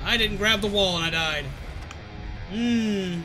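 A man's voice: high voice, slow pace. A man streaming a game, chatting playfully, talking to enemies and making sing-song noises. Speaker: gaming streamer. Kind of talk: casual gameplay commentary. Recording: game music behind the voice.

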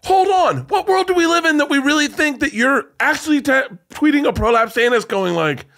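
A man hosting a podcast in casual chat, excitable, laughing hard and swearing often. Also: very high-pitched, a little fast. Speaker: podcast host.

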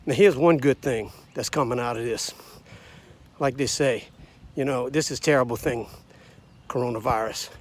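A man in his sixties or seventies from the United States, delivering a blunt, combative, preachy rant straight to camera. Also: medium pitch. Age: 60s to 70s. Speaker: vlogger. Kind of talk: ranting monologue to camera.

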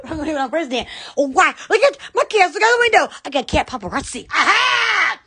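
A woman hosting a casual live stream, giddy and excitable, laughing and squealing often. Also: high voice, normal speed.

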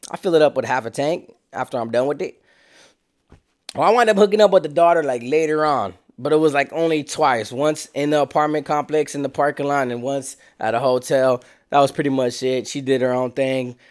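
A young man casually telling a street story, slangy and animated. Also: a little fast. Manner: slangy, animated, acts out quotes in lower voice.

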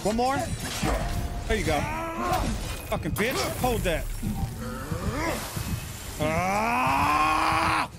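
A man playing a video game, cursing and yelling at the screen in frustrated live commentary. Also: very high-pitched, expressive, drawn-out words, creaky, long pauses, over loud music. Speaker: gaming channel host. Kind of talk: profane live gameplay commentary. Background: loud game soundtrack.

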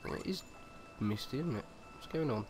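A man's voice: medium pitch, animated, normal speed, very noisy. A man casually commenting on a game he is playing, joking dryly with filler words. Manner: wry, joking asides with fillers. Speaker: let's play host. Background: game music.

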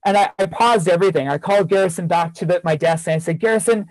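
A man's voice: sits high, fairly even intonation, fast, darkish tone, no room sound, soft background music, rough recording. Earnest man telling a classroom story. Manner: earnest anecdotal storytelling with repeated phrases. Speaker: keynote speaker, former teacher. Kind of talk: storytelling keynote talk.

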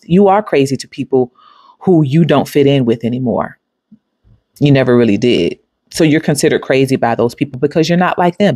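A mellow bass voice belongs to a woman running a spiritual self-help channel, captured in a dry recording. Talking directly to her audience, she preaches emphatically and motivationally, with easy laughter between her points.

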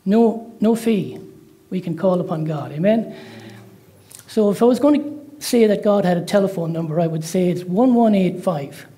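A man's voice: sits high, moderate pace. A man with an Irish accent, preaching a sermon that opens with prayer, a joke and frequent amens. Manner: warm-hearted, with frequent amens and praise interjections.

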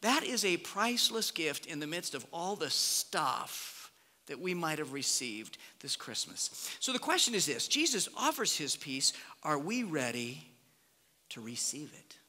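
A pastor from Nebraska preaching a conversational sermon, swinging between lively emphasis and hushed, almost whispered reflection. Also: male voice, a little high, unhurried. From Nebraska, USA. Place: church sanctuary. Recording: long reverb of a church hall.

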